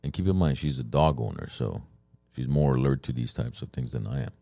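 A man telling a story in casual chat with friends, animated, with fillers and restarts. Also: rumbling low, fairly quick, creaky, dry recording. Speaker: podcast co-host telling a story.

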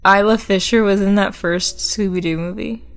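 A woman co-hosts a relaxed podcast over a call. She talks playfully and laughs often. Her throat is a little scratchy. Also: mid-range voice, moderate pace, creaky. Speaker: podcast co-host. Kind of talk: casual chat. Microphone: remote call.

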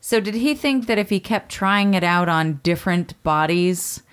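A woman's voice: fairly low pitch, expressive, moderate pace, clear, resonant tone. A woman chatting as a podcast co-host, wry and joking. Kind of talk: casual chat.

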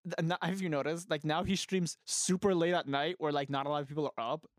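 A man's voice: fairly high pitch, steady tone, quick pace, no echo, studio quality. A young man co-hosting a casual gaming podcast, ranting heatedly and swearing freely. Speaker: podcast co-host.

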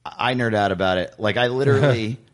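A man hosting a podcast, telling excited stories in casual, swearing chat. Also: fairly low pitch, brisk. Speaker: podcast host.

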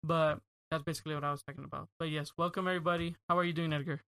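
A man's voice: on the high side, little pitch movement, very fast, a bit bright, smooth, dry recording, studio quality. A young man hosting a podcast in casual chat, rambling and filling his talk with "like" and "dude". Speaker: podcast host.

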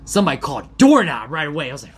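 A man chatting casually with a friend, swearing freely and tossing in quick reactions. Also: fairly high pitch, big pitch swings, slightly rough. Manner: laid-back, swears freely, tosses in reactions. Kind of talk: casual chat.

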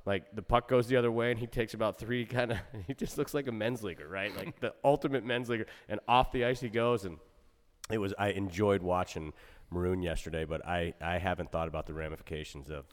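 Low-voiced man, echoey room. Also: fairly quick. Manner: excitable, stumbles over words. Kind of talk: casual chat.

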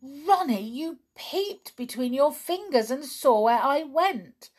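A sulky young boy who cheats at games and whines loudly when others do the same, as a woman reading a storybook puts him on. His voice jumps high and goes loud with indignation, and the woman reading drags the words out slowly. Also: animated. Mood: indignant. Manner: whiny, indignant shouting.

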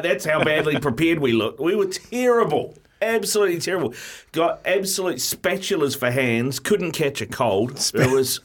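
A man co-hosting a podcast in casual chat, talking in a wry, teasing, self-mocking way. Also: mid-range voice. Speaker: podcast co-host.

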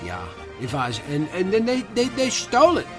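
A man putting on a mock South African accent to play the hurried ghost of an old film director, halting and full of restarts. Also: high voice, huge pitch swings, music in the background, pitched above the performer's own voice. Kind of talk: comedy podcast impression.

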